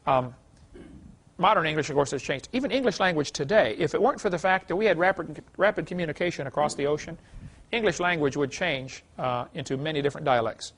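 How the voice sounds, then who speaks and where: A man's voice: a little high, lively intonation, fast, a bit bright. A man giving a folksy classroom lecture, telling anecdotes with chuckles and many "you know"s.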